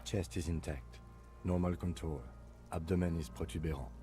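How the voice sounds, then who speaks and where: An actor playing a calm, methodical male police lieutenant in a video game, speaking in a measured, clinical, dry way. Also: low voice, faint music behind, close to an everyday voice.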